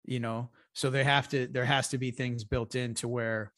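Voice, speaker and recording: A man co-hosting a podcast at an average pitch, talking loosely and swearing as he goes. His thoughts stop and restart midway. The sound is dry and close, with no room echo. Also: flat delivery, normal speed, a bit bright. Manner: profane, rambling, with restarts. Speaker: podcast co-host. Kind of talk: casual chat.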